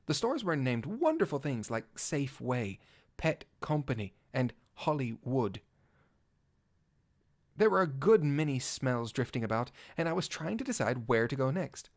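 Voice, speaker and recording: A man's voice: medium pitch, sing-song, measured pace. A man playing a vain, theatrical cat-knight bard. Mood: storytelling. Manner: flowery old-fashioned speech; theatrical, swinging from pompous to flustered. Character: vain gallant male cat-knight bard, grandly dramatic. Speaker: narrator. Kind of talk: first-person fan audio drama reading.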